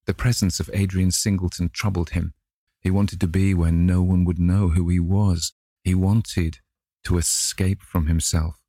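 Man, very low voice, dry close sound, measured audiobook narration. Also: little pitch movement, dry recording. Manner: measured reading, gently voices each character. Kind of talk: scripted narration of a classic novel.

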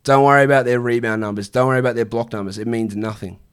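Brief: man in his thirties, livestream Q&A host, blunt and sweary, quick to rant. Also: mid-range voice, fairly even intonation, clear, resonant tone. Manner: blunt, swearing, exasperated rants. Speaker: fantasy basketball streamer answering viewer questions. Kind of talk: casual livestream Q&A.

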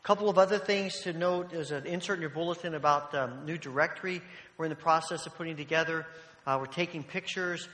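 A man, a church leader, giving relaxed, matter-of-fact announcements in a church sanctuary with frequent hesitations. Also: a little high, quick pace. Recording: bright, roomy church hall reverb.

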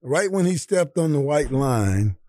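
A man in his sixties from Atlanta, Georgia, casually telling profane, animated stories as a guest and laughing as he acts out quotes. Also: fairly high pitch, unhurried, dry recording, clean studio sound. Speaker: guest, retired football player. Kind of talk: casual storytelling.

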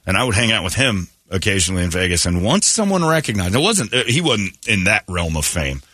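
A man with a low voice, talking a little fast, hosts a morning radio show in clean studio sound with no echo. He chats casually as an animated storyteller, acting out the voices of the people he quotes.

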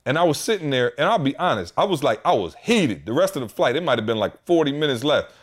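Man, thirties, podcast co-host, casual storytelling, animated, acts out quotes. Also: mid-range voice, quick pace. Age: 30s. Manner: animated, quotes people in heated voices.

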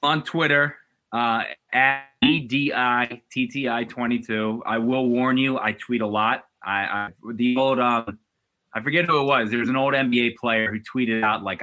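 A man guesting on a sports podcast, telling stories in a loose, animated way with lots of restarts and fillers. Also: mid-range voice, moderate pace. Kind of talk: casual sports chat.

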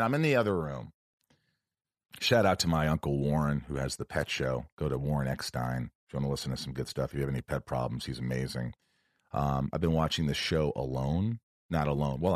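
A man's voice: a bass voice, dry recording, clean studio sound. A man hosting his own podcast alone, chatting in a rambling, jokey way. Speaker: podcast host. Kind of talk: casual solo podcast chat.

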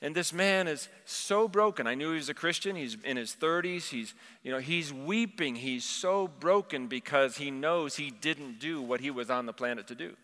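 A man delivers an impassioned sermon, his voice bright and forceful. He tells stories and quotes scripture. The sound rings out with a long reverb, as in a large church hall. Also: fairly high pitch, moderate pace, few pauses. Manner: impassioned storytelling, quoting scripture. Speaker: preacher.

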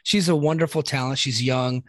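A man's voice: medium pitch, fairly even intonation, moderate pace, a bit bright. A man co-hosting a casual podcast, recapping wrestling in a loose, chatty way with many fillers. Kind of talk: casual chat.

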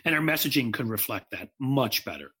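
A man with a husky, breathy voice co-hosts a casual political chat. He speaks in an opinionated, emphatic way and swears now and then for punch. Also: medium pitch, expressive, brisk, bright, forceful tone. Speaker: podcast co-host.

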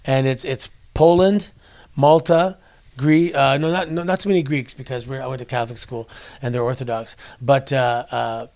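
A man's voice: mid-range voice, fairly even intonation, normal speed, darkish tone. A man in his forties from Canada, a former wrestler, telling stories in a casual interview at a convention and restarting his sentences often. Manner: chatty storyteller with many restarts. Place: wrestling convention in New York.

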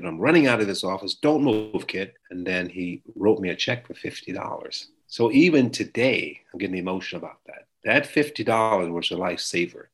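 Male guest, 60s, low voice, animated interview storyteller. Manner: emotional, animated storyteller who acts out quotes. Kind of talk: recounting his life story in an interview.

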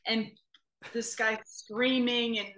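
A woman's voice: a little high, level tone, slow pace, fairly bright tone, echoey room, a little hiss or hum. A woman telling a story in casual conversation, expressively quoting herself.

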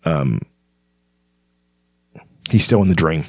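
A man's voice: extremely low pitch, lively intonation, takes it slowly, dry recording, clean studio sound. A man hosting a casual book discussion, talking conversationally with frequent fillers and restarts.

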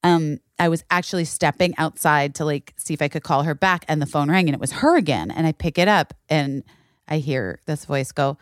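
A woman's voice: brisk, no room sound, clean studio sound. A woman in her forties hosting a podcast, telling stories with lots of laughter, swearing freely and dropping into little voices. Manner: animated storyteller, doing high childlike voices for her nephew. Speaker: podcast host. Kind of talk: casual chat.

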